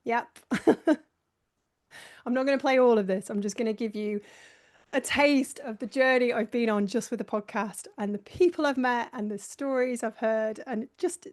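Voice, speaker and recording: A woman with a fairly high voice hosts a live online session, walking through her slideshow at a normal speed. She keeps things casual and chatty, pokes fun at herself, and laughs often.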